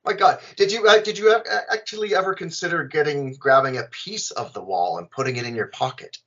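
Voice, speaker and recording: High, lively male interviewer, far off. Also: fairly quick. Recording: distant lo-fi mic.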